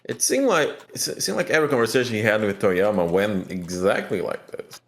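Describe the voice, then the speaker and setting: A man narrating a story game aloud in a relaxed way, with joking asides to a co-player. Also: fairly low pitch, a little fast, hardly any pauses. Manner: easygoing, jokey asides. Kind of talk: casual game read-along narration.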